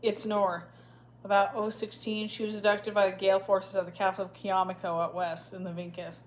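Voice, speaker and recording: A woman voicing a guarded teenage boy who speaks in a cold, flat tone. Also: mid-range voice, moderate pace, slight background noise, natural voice, rough recording.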